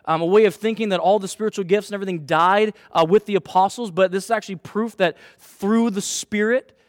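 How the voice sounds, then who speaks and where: A man in his thirties, a pastor, preaching a sermon in a chatty, animated way and telling a self-mocking story about his family. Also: high-pitched, brisk, no room sound, clean studio sound.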